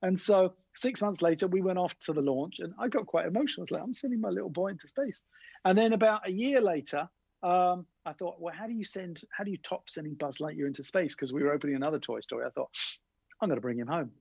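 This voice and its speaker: A middle-aged man telling lively anecdotes in an interview, acting out the voices of the people he quotes. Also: sits high, fast, vocal fry, slightly rough, dry recording, poor audio. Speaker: guest innovation speaker. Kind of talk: animated storytelling interview.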